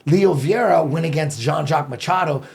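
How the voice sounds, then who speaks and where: Podcast guest, male, high gravelly voice, animated profane storyteller. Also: moderate pace. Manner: animated, profane, acts out his own past thoughts. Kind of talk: casual storytelling.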